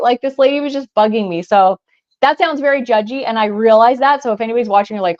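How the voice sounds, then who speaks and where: Young woman co-host, casual chatty storyteller, slightly high voice, muffled recording. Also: fast, darkish tone. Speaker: podcast co-host. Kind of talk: casual chat.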